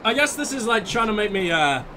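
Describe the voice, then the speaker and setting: A man's voice: high voice, sing-song, brisk, crowd noise. A man hosting a let's play, joking through the game and reading the subtitles aloud in silly voices. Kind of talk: gameplay commentary. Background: game music.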